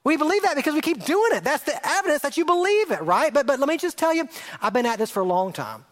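A middle-aged man preaching a sermon as a pastor, earnest and emphatic, repeating phrases and dropping his voice low for effect. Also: very animated, quick pace, fairly bright tone.

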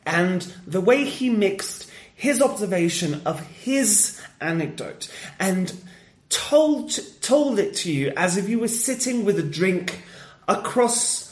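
A man who does stand-up, chatting casually on a podcast and telling stories with lively energy and frequent laughs. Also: sits high, slow pace, roomy sound. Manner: animated storyteller, laughs often. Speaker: stand-up comedian.

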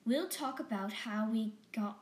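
A woman narrating a bedtime story slowly and gently, often dropping into whispers. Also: on the high side, echoey room.

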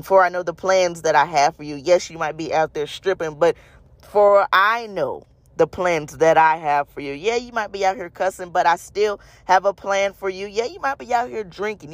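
At medium pitch and normal speed, a preacher with a fairly bright tone speaks in a dry recording. He delivers an intense devotional message, repeating phrases for emphasis and calling out to the audience as "y'all" and "you guys."

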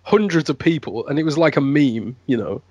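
A man's voice: fairly high pitch, expressive, fairly quick, a little mellow, breathy edge, dry recording, dull audio. Chatty man with West Midlands accent. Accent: West Midlands English. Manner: chatty, laughs often, repeats words. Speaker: guest podcast panelist. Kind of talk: casual podcast chat.

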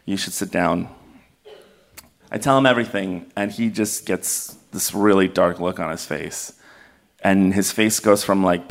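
A young man telling a personal story live to an audience, candid and self-mocking, often laughing as he talks. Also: low voice.

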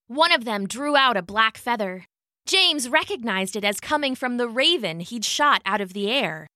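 A woman storyteller narrates a fairy tale in an unhurried, measured way. Her voice is bright and a little high. The sound is dry and close, with no room around it. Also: lively intonation, no room sound.

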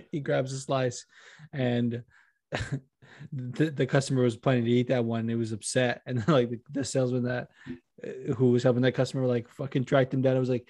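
A man's voice: mid-range voice, level tone, moderate pace, darkish tone, dry recording, studio quality. A man co-hosting a podcast over a video call, laughing often as he tells rambling stories and swears casually. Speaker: podcast co-host. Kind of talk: casual chat.

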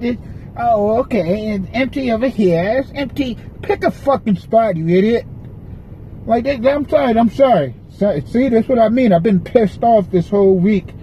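A man's voice: sits high, muffled recording, slight background noise. A man hosting a podcast, rambling and cursing as he vents from his parked car. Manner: profane, restless, venting. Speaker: podcast host. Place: parked car in a parking lot.

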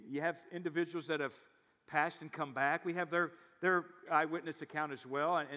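A male pastor delivers a sermon in a bright, ringing voice set slightly high. He tells stories and swings between loud emphatic bursts and quiet asides. The sound carries the long reverb of a church hall. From South Louisiana. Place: church sanctuary.

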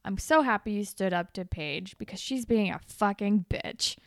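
Young woman, podcast co-host, casual recap chat, smooth voice, dry room. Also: mid-range voice, moderate pace, no echo. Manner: animated, swearing, acts out characters in raised voices.

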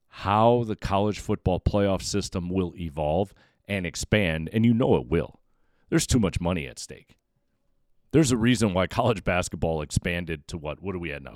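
Deep voiced guy doing a solo sports podcast, opinionated, dry close sound. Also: no room sound. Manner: opinionated, emphatic, with repeated words. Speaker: podcast host.

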